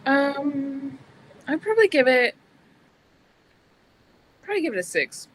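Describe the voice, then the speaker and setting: A woman on a podcast making dry, unhurried remarks about a film. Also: high voice, sing-song, a little hiss or hum, low-quality recording. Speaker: podcast co-host. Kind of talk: casual film discussion.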